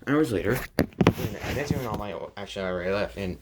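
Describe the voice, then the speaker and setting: A man's voice: on the low side, expressive, a little fast, very noisy. A man casually retelling an improvised fan story, rambling with lots of fillers.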